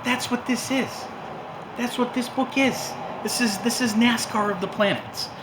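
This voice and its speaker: A man's voice: very high-pitched, fairly even intonation, a little slow. Rambling profane man with noisy hiss. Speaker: host. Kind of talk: casual monologue.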